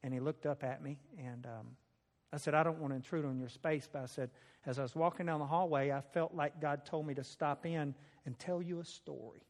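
A man shares a personal testimony in folksy, conversational storytelling, with laughter mixed in. His fairly high voice is steady and brisk, and the recording has the long reverb of a large hall.

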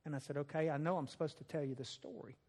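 A slightly high-voiced man tells a personal testimony in a folksy, chatty way. His voice rings out with a long reverb through a large hall. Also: steady tone, quick pace, vocal fry, a little mellow. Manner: folksy, conversational, with laughter. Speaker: speaker sharing a personal testimony. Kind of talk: storytelling testimony.

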